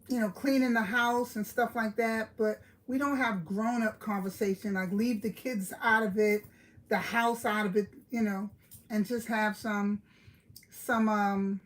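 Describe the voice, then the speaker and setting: Heard through a rough recording with slight background noise, a middle-aged woman from Brooklyn talks in a somewhat high voice and a New York accent. She's relaxed with her live-stream audience, calling out viewers by name and laughing a lot.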